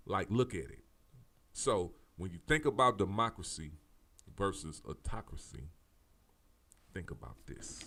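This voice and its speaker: A political commentary host with a fairly low, sharp-toned male voice addresses his audience directly. He's fired up and preachy, hammering his points again and again, swearing casually and often restarting sentences.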